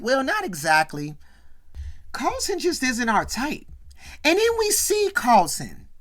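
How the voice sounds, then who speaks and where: Animated woman chatting through a recap. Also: on the high side. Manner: chatty, fills talk with "you know" and "right"; retells scenes by quoting the characters' lines. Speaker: show host recapping a sitcom episode. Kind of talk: casual commentary recap.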